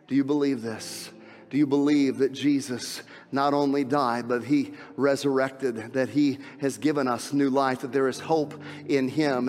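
A man preaching an Easter sermon as pastor, emphatic, repeating key phrases and dropping to hushed tones. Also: medium pitch, long reverb tail. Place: church sanctuary.

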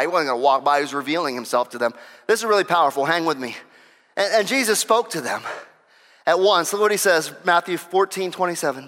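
A man preaching a sermon in an animated way, stumbling over restarts and acting out the quotes he tells. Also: sits high. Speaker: pastor. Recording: long reverb of a large hall.

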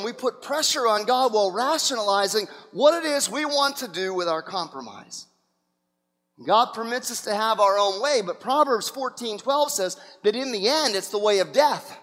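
A man's voice: high voice, expressive, normal speed, fairly bright tone, in a large hall. A male pastor preaching an impassioned sermon who acts out the scenes he retells.

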